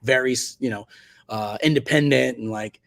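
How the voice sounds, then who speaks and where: A man's voice: normal speed, gravelly. A man in his forties, a photographer being interviewed, telling stories in a loose, rambling way full of fillers and self-corrections. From Virginia Beach, United States. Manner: acts out quoted speech in a much higher voice. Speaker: guest photographer. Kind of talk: casual interview storytelling.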